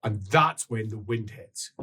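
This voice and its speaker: A man running a tabletop role-playing game, narrating the scene with animated energy and bursts of sound effects. His voice is husky and breathy, and his pitch rises and falls in a lively way. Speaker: game master.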